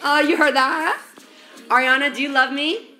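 A young woman talks her viewers through a recipe in a home kitchen, full of valley-girl slang and casual swearing. Her voice sits a little high and sounds bright and forward. Faint music plays in the background. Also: fairly even intonation, moderate pace. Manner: valley-girl slang, profane, chatty, talks straight to chat. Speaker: streamer. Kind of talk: casual baking livestream chat.

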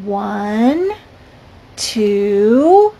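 An older woman voicing a bossy, exasperated cat in a storybook read-aloud, loud and emphatic, with a husky voice. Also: mid-range voice, very animated, drawn-out words, heavily acted. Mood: insistent. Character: bossy cat insisting everyone meow.

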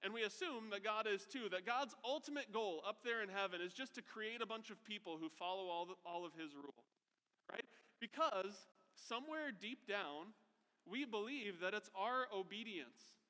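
A man's voice: sits high, animated, moderate pace, bright, forceful tone, long reverb tail. A man preaching a sermon as pastor, conversational, often checking in with a rhetorical "right?".

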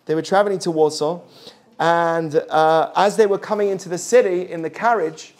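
Lively high-voiced man teaching a class. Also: normal speed. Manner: animated, acts out quoted voices. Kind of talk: Jewish ethics class.

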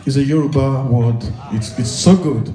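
A Nigerian man teasing a live comedy audience and getting them to repeat words after him. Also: medium pitch. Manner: playful, teasing, quick outbursts. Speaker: stage performer. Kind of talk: comic crowd work, teaching the audience to repeat words. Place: live comedy venue indoors. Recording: echoey hall from far off with loud crowd and noise. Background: loud audience.

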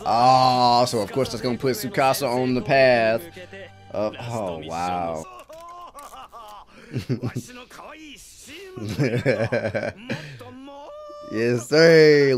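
A man reacts casually to an anime episode, talking back to the screen with frequent exclamations and laughter. His medium-pitched voice swings widely in pitch, and he speaks extremely slowly with long pauses while faint soundtrack music from the episode plays.

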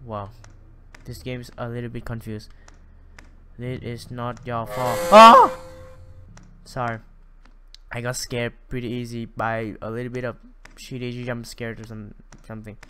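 A man's voice: mid-range voice, level tone, moderate pace, long pauses, slight background noise. A man commenting on a game as he plays, jumpy and swearing a lot. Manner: jumpy, swears a lot, reads dialogue aloud in voices. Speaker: gamer. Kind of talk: let's play commentary.

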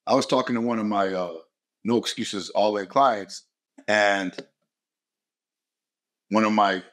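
A man's voice: lowish voice, steady tone, unhurried, a bit bright. A man hosting a motivational podcast, talking bluntly and with lots of swearing, hammering his points home with short repeated phrases. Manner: blunt, profane and emphatic. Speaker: podcast host.

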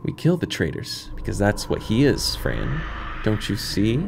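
A man voicing a sinister dark double in a game, speaking in a low, wheedling, menacing voice. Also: wildly swooping pitch, unhurried, creaky, noisy background, exaggerated voice. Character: sinister dark double of the girl, coaxing and cruel.

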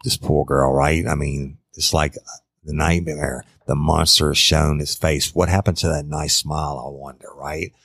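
A middle-aged man tells a true-crime story as a podcast host. His voice is extremely deep and gravelly. The sound is dry and close. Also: little pitch movement, normal speed, fairly bright tone, no room sound. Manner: conversational, addresses listeners directly.

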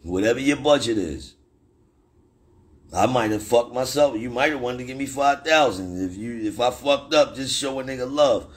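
A middle-aged man, a rapper, ranting angrily and profanely on a phone livestream and breaking into sudden high-pitched shouts. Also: lively intonation, moderate pace, slightly rough. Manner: angry, profane, threatening tirade that jumps into sudden high shouts.

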